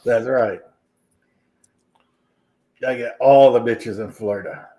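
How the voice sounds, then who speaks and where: A man hosting a casual online chat stream and cracking deadpan one-liners. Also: medium pitch, takes it slowly. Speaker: stream host.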